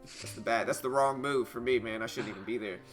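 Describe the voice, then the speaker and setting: A man in his thirties hosting a live trading stream, chatty and loose, getting animated when he tells stories. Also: medium pitch, fairly quick. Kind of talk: casual live stream chat and market news. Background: soft jazz music.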